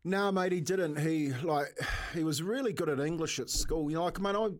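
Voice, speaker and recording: A man's voice: on the high side, normal speed. A middle-aged man with a New Zealand accent, co-hosting a radio show, telling a funny family story with frequent laughter and lots of "mate". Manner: chatty, laughs often, says "mate" a lot. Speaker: radio co-host. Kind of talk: casual radio banter and storytelling.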